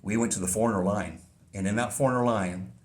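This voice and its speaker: A man's voice: fairly low pitch, quick pace. A middle-aged man hosting a podcast, talking in a casual, rambling monologue with frequent restarts. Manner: rambling, repeats words and restarts. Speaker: podcast host.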